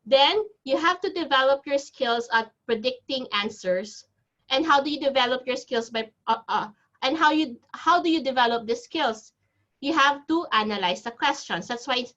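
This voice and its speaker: A woman with a Filipino accent gives an online lecture in a fairly high voice, repeating points and restarting sentences as she explains. The sound is dull and lo-fi, as heard over a video call. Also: normal speed, fairly bright tone. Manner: repetitive, explanatory, frequent restarts. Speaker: English test teacher.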